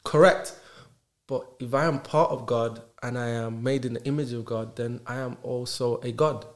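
A man, a podcast guest talking in animated casual conversation and stacking rhetorical questions. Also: medium pitch, moderate pace. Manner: emphatic, rhetorical questions, acts out dialogues.

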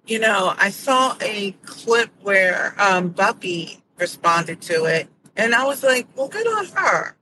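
A middle-aged woman talks straight to her podcast listeners, telling stories and calling out what bothers her with firm, indignant emphasis. Her delivery is casual and conversational. A steady layer of background noise sits under her voice throughout. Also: mid-range voice, slow pace, few pauses, rough recording. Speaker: podcast host. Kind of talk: casual commentary monologue.

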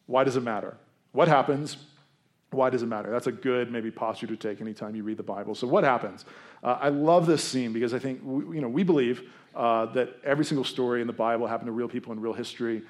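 A man's voice: medium pitch, fast. A man in his thirties giving a conversational sermon as a pastor, with self-deprecating asides and quoted voices he acts out. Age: 30s.

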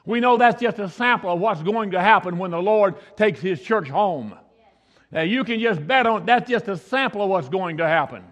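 A man's voice: sits high, lively intonation, normal speed, a bit bright. A male Pentecostal pastor preaching a folksy, story-filled sermon, often repeating himself for emphasis. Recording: echoey church hall.

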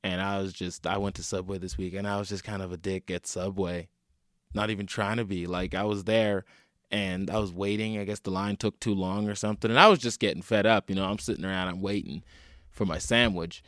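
A man's voice: low voice, a little fast, no room sound, clean studio sound. A man hosting a casual solo podcast, telling wry, swear-laden stories and acting out the voices of people he met. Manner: animated storytelling, acts out quoted voices. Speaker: podcast host; stand-up comedian.

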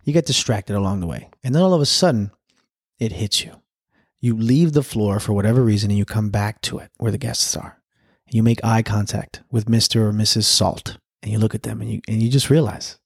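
A podcast co-host with a mid-range voice chats casually, telling animated stories about his work as a server and laughing often. The recording is clean studio sound with no room ambience.

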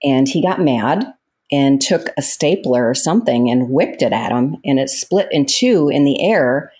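A woman's voice: rumbling low, a little slow, breathy edge. A woman in an interview, telling stories with lots of laughter and acting out what people said. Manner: animated storyteller, laughs often, acts out quotes. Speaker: interview guest, actress. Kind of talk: casual storytelling in an interview.

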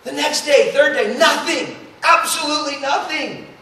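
A man preaching a storytelling sermon as a traveling youth preacher, animated and acting out the voices he quotes. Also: very high voice, slight background noise. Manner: animated, acts out quoted voices, quick asides. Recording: echoey hall, mic at a distance.

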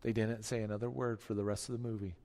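A middle-aged man preaching a sermon, telling stories that swing from hushed asides to forceful declarations. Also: on the low side, little pitch movement, fast, big-room sound. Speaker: pastor.

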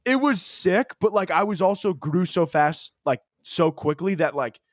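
A man's voice: high-pitched, normal speed, dry recording, clean studio sound. A young man co-hosting a podcast, telling a story in a loose, swearing way full of "like" fillers. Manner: animated storyteller, heavy "like" fillers, swears freely. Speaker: podcast co-host. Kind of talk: casual storytelling chat.

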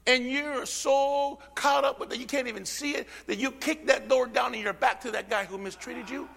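Man, pastor, sermon, high pitched, gravelly, amen call-and-response, long church reverb. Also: normal speed, soft background music. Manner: swings from shouting to near whisper. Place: church sanctuary.

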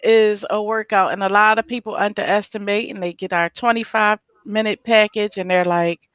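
A middle-aged woman, a rage room owner, talking as a guest in an interview, lively and laughing often as she acts out her customers. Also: mid-range voice, moderate pace, clean tone, no room sound, highs cut off.

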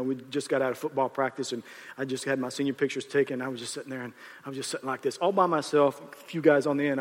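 A man in his fifties, a pastor preaching a storytelling sermon in an animated way, often acting out the people he quotes. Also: medium pitch. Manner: animated, acts out quotes, restarts. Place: large church auditorium. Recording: reverberant hall.

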